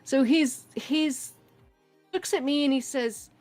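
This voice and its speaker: A woman casually telling a true scary story on a podcast, animated and acting out the voices in it. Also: high voice, slow, faint music behind. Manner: animated, acts out voices in her stories, laughs often. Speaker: guest storyteller.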